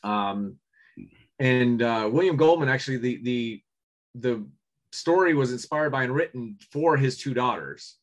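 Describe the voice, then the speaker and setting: Man, casual podcast chat, rambling, restarts, clears his throat often. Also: medium pitch, lively intonation, unhurried. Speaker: podcast co-host. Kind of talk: casual chat about movies.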